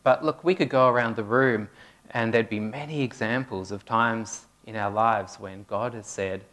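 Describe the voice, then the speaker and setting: A man's voice: fairly low pitch, fairly even intonation, normal speed, fairly bright tone. A man giving a conversational sermon, asking his congregation questions as he goes. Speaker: preacher. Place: church hall with a congregation.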